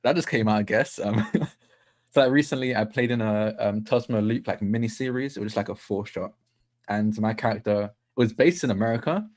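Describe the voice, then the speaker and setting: A man's voice: on the low side, fairly quick, a little mellow, no room sound. A man from Essex with an Essex English accent, chatting as a podcast guest in a self-deprecating way. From Essex, England. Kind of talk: casual chat.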